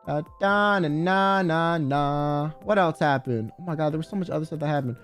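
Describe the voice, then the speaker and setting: On a stream, a high-voiced man chats casually at a moderate pace, wandering through a story loaded with slang and swearing. Soft music plays quietly in the background.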